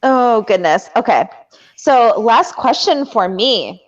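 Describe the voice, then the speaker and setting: Giggly, lively woman on a dull mic. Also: on the high side, slow pace. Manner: giggly, teasing. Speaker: trivia host. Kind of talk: casual chat.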